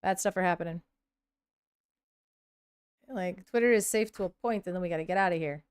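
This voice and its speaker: A woman in her thirties chatting casually on a live stream, reacting aloud as she scrolls and now and then breaking into excited squeals. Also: on the low side, fairly quick, clear, resonant tone.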